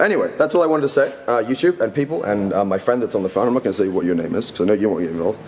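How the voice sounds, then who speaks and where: A young man getting hoarse, ranting in a confrontational, rambling way, with many restarts and repeated words. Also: mid-range voice, expressive, quick pace, darkish tone, slight background noise. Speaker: vlogger ranting. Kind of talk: heated off-the-cuff rant. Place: indoor university space.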